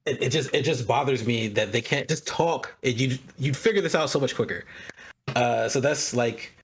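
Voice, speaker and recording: A man on a casual podcast, airing frank complaints about a show. His voice is a little husky and sits at a middle pitch. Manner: frank, venting gripes with quick asides. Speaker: podcast co-host. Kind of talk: casual chat discussing a TV show.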